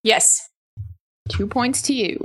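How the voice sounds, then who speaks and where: A woman's voice: on the high side, steady tone, a bit bright. Woman hosting a casual trivia quiz. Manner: brisk, laughs easily while reading questions. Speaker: quiz host.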